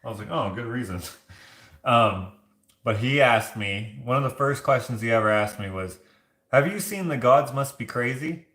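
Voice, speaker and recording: A man's voice: mid-range voice, expressive, moderate pace, fairly bright tone, echoey room. A man hosting a casual livestream from his home kitchen, washing dishes while he reads comments and rambles, full of filler words like "like". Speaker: streamer and host.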